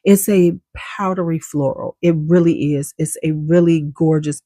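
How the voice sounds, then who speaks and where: A woman's voice: deep voice, fairly even intonation, measured pace, warm tone, no room sound, studio quality. A woman giving a casual, enthusiastic perfume review, chatty and full of slang, coughing now and then. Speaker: beauty vlogger.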